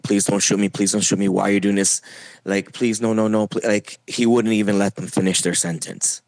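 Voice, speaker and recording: Young adult man from Puerto Rico, low dry voice, halting testimony full of fillers, podcast guest. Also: dry recording. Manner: halting, many fillers and restarts. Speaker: interview guest. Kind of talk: personal testimony.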